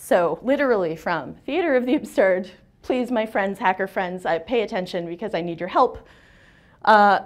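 A woman in her forties giving a lively, joking seminar talk in a lecture room. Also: medium pitch. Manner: lively, joking, self-deprecating. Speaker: seminar speaker. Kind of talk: conference talk.

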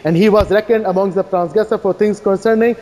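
A man giving a fast, insistent debate rebuttal, firing challenging questions at his opponent. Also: high-pitched, fairly even intonation, mellow. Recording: echoey hall reverb.

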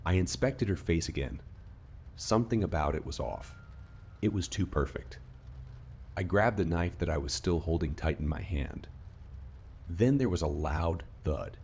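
A man reading a scripted horror story in a steady, measured narrating voice. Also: sits low, slight background noise. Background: faint rain ambience.

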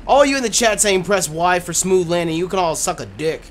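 Loud, joking male game streamer. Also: high-pitched, lively intonation, brisk, slight background noise. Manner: loud, joking, crude, talks to the game characters. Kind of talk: live gameplay commentary.

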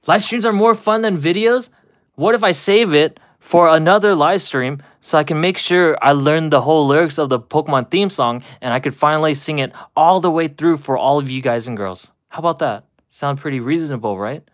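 A man's voice: fairly high pitch, normal speed. A man opening trading card packs on a live stream, chatting and laughing with his viewers, a little out of breath. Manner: laughing, chatty, talks straight to chat. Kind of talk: casual live stream chat.

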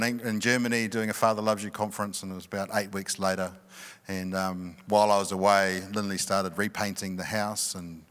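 A middle-aged male pastor telling a personal story in a sermon, animated and often laughing. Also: on the low side. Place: large church hall. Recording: long reverb of a church hall.

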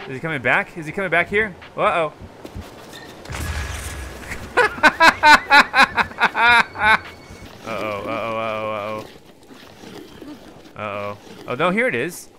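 A man narrating his own gameplay in a loose, jokey way, laughing often and yelping when things go wrong. His pitch sits somewhat high and swings widely, and his tone is bright. He keeps an unhurried pace between his outbursts. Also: a little hiss or hum. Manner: excitable, laughs often, yelps and exclaims. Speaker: gameplay channel host. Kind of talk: casual let's-play commentary.

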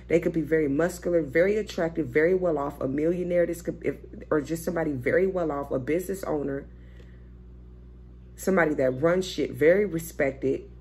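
A woman's voice: low-pitched, brisk, warm tone, breathy edge. A young woman doing a casual, chatty tarot reading, swearing freely and thinking aloud as she turns cards. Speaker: tarot reader.

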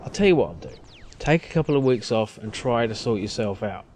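A man's voice: medium pitch, expressive, a little fast, darkish tone, a little hiss or hum, lightly acted. A man voicing a grumpy middle-aged bar owner who talks bluntly and dismissively. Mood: gruff.

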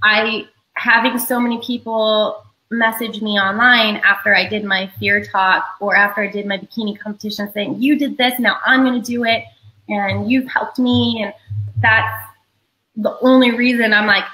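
Bright-voiced earnest young woman guest. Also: medium pitch, steady tone, normal speed, poor audio. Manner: earnest and heartfelt. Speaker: guest, event co-founder. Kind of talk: casual interview chat.

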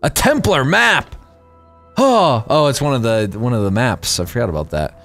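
A man giving casual, rambling let's-play commentary while gaming, excitable and quick to laugh. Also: medium pitch, faint music behind. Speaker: gaming YouTuber.

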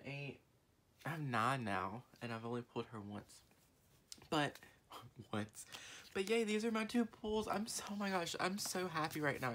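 Very low-voiced chatty young woman. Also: slight background noise. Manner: chatty, rambling with many fillers and restarts; gushing fan, swings from low murmuring to excited squeals. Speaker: vlogger. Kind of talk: casual unboxing haul vlog.

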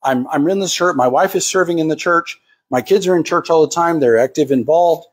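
A man's voice: fairly high pitch, fairly quick, breathy edge. A man preaching to a congregation, acting out the voices of the people he quotes. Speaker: pastor. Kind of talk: sermon.

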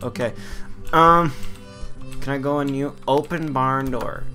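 A man's voice: mid-range voice, steady tone, a little slow, long pauses, sharp tone. A man giving joking, playful commentary while playing a video game. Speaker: gamer. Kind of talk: let's play commentary. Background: game music.

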